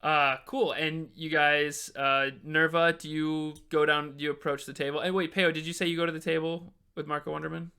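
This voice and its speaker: A man's voice: on the high side, flat delivery, moderate pace, hardly any pauses, sharp tone, smooth. A man running a tabletop game as game master, talking casually with frequent laughs and swearing.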